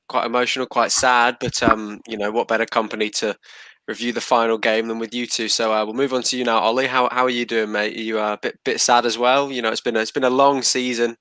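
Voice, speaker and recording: A man's voice: lowish voice, a bit bright, no echo. A man hosting a casual football podcast, laid-back and matey as he moves the chat along. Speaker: podcast host.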